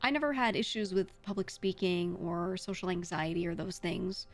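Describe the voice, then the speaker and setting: A woman's voice: lowish voice, moderate pace, soft background music. A woman streamer chatting casually with her chat, giving blunt, frank advice with some swearing. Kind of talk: casual livestream chat, answering chat.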